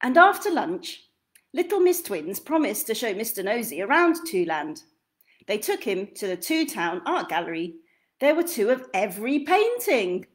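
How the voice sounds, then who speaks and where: A woman reading a children's picture book aloud in an expressive, sing-song storytelling manner. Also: on the high side, moderate pace.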